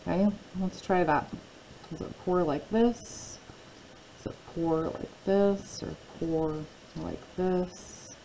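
Female teacher, low gravelly voice, patient phonics lesson for kids. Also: fairly even intonation, warm tone, slight background noise, low-quality recording. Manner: patient, drawn-out word modeling. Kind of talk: phonics lesson for young children.

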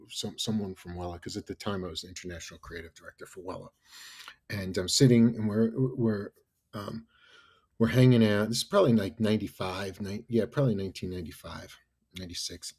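A man in his fifties from New York, a podcast guest telling animated stories and often adding "right?" and "you know". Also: fairly low pitch, husky. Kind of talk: casual storytelling interview.

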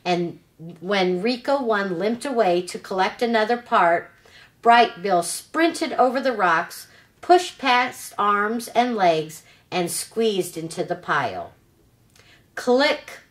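A woman reading a children's novel aloud as a storyteller, in a slow, deliberate telling. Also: mid-range voice, animated.

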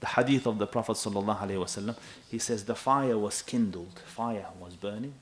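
A man in his thirties preaching a sermon in an animated, emphatic way, often checking with his listeners. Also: lowish voice, brisk, a little hiss or hum. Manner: animated and emphatic, with asides to the audience.

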